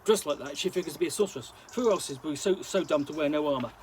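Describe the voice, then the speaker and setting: A man's voice: on the high side, fast, darkish tone, slight background noise, natural voice. A man voicing a tough, burly woman fighter with a growling delivery. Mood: scornful.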